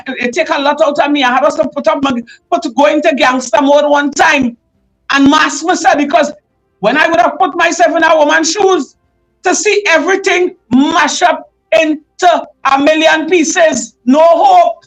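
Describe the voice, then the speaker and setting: High-voiced impassioned Trinidadian woman. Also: steady tone, normal speed, faint music behind, rough recording. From Trinidad and Tobago. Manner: emotional and fired up, often raising her voice. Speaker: livestream host. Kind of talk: impassioned live commentary.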